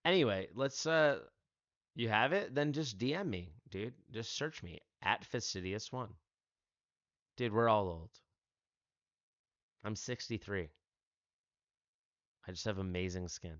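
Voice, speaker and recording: A man's voice: on the low side, lively intonation, measured pace, long pauses, fairly bright tone, no room sound, highs cut off. A man hosting a casual gaming livestream on a headset, laughing often and chatting with viewers. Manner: laid-back, laughs often, talks to chat. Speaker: livestream host.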